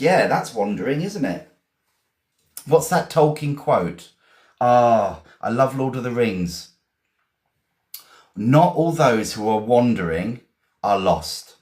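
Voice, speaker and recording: A man from England with an English accent, teaching vocabulary in a chatty, encouraging way, repeating and spelling words slowly. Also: mid-range voice, echoey room. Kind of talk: live-streamed vocabulary lesson.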